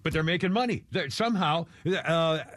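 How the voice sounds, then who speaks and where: A man's voice: on the high side, lively intonation, a little fast, a bit bright, no room sound. A man hosting a radio show, talking casually in a rambling, chuckling way with many restarts.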